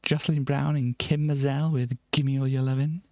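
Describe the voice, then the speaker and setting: A woman's voice: very deep voice, fairly even intonation, normal speed, dark tone, dry recording, studio quality. A woman hosting a livestream, chatting casually as she reads out old music charts, rambling and chuckling with many ums and self-corrections. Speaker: livestream host.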